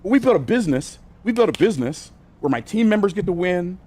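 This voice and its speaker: An older man teaching business sales from a whiteboard, energetic and conversational, repeating phrases for emphasis and using casual words like y'all and ain't. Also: sits high, brisk. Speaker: business coach.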